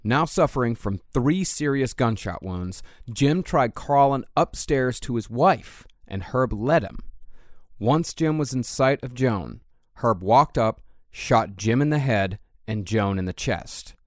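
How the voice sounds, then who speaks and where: A man's voice: medium pitch, animated, takes it slowly, no echo, clean studio sound. A man hosting a true crime podcast, narrating the case bluntly with profane asides. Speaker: podcast host.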